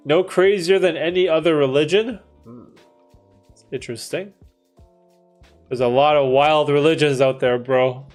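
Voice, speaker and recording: A man's voice: fairly high pitch, measured pace, pauses often, darkish tone. Man in his thirties, livestream host, casual chat, says dude and bro, swears freely, faint music behind.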